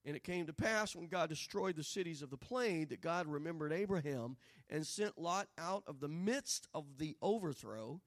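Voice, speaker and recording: A man delivers a sermon. He tells homely stories in a low, easy tone, then climbs into loud, ringing proclamation. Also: expressive, moderate pace. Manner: swells from quiet storytelling to loud, rising preaching. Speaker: pastor.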